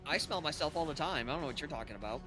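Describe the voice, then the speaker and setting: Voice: mid-range voice, expressive, racing, over music. A game master casually hosting a tabletop game over a voice call, playful and teasing.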